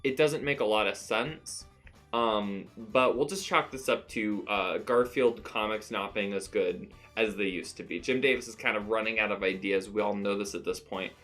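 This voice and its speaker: A man's voice: fairly low pitch, moderate pace, a bit bright, faint music behind. A young man hosting a comic recap at home, talking with mock-serious irony and laughing at his own jokes. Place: home room.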